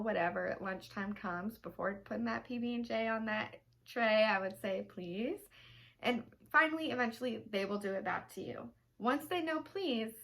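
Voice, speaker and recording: Chatty young mom gushing to camera. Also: female voice, fairly high pitch, vocal fry, fairly bright tone. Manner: chatty and gushing, full of ums. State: emotional, close to tears. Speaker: vlogger mom. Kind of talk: casual talk to camera. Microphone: camera mic, seated.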